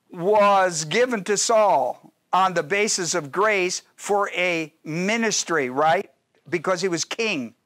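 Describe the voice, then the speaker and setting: A man's voice: high voice, fairly bright tone, no echo, clean studio sound. A man teaching a Bible study as pastor, talking in an emphatic, repetitive way and checking often that his listeners follow.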